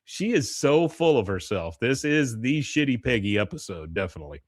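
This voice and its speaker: A man with a sing-song, mid-range voice co-hosts a podcast at a normal speed, casually recapping a cartoon episode in a rambling way. He laughs a lot and acts out the characters' lines, and the studio-quality recording has no echo.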